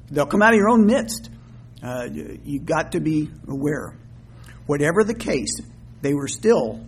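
A man preaching a sermon in an earnest way, often slowing down and rising in pitch and volume when quoting scripture. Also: darkish tone, slight background noise. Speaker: minister.

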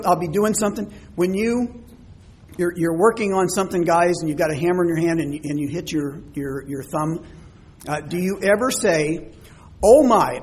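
A man with a slightly higher, husky voice delivers a sermon. He talks conversationally and keeps putting questions to his listeners. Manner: conversational preaching with questions to the congregation. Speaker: preacher.

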